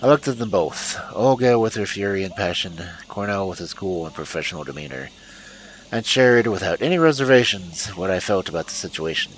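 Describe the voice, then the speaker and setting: A man's voice: sits low, lively intonation, brisk, a little hiss or hum, rough recording. A man streaming a story game, reading the narration aloud and muttering asides to himself.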